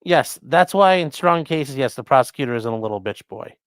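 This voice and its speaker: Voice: mid-range voice, expressive, a little fast, dry recording, clean studio sound. A defense attorney hosting a casual livestream, reading viewer chat aloud and answering in a blunt, profane way.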